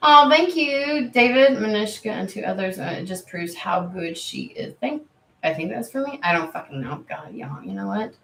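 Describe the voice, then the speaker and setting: A woman's voice: fairly low pitch, lively intonation, normal speed, vocal fry. A woman hosting a tarot livestream, talking casually, swearing freely and reacting to viewer comments. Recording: roomy echo.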